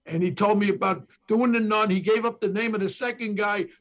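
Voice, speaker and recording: A man's voice: high voice, steady tone, a little fast. An older man with a New York accent, a former detective telling police stories as a podcast guest and acting out what the people in them said. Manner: acts out quotes from others with emphatic bursts. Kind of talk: animated storytelling.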